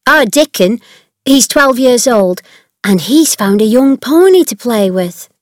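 A woman's voice: a little high, animated, measured pace, dry recording, voice pushed up. A woman doing a cheerful young servant girl. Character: cheerful young female servant, chatty and kind.

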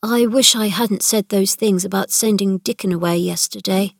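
A woman's voice: medium pitch, moderate pace, gravelly, dry recording, studio quality. A woman voicing a pale, sickly young boy who fires off eager, breathless questions in a storybook reading.

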